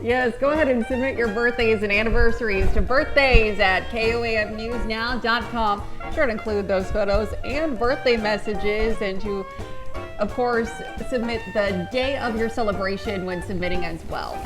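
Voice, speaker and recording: A woman co-anchoring a local morning newscast, reading headlines and announcements in a steady scripted delivery. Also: fairly high pitch, normal speed, music in the background.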